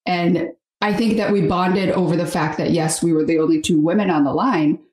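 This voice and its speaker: A woman's voice: lowish voice, normal speed, darkish tone. A woman in her thirties, a chef and podcast guest, talking earnestly and reflectively in casual chat. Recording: roomy echo.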